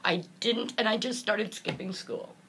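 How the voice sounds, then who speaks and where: A woman's voice: mid-range voice, a little slow, fairly bright tone, slight background noise. A woman motivational speaker, earnest and heartfelt, telling a personal story in an interview and acting out the voices of the people in it.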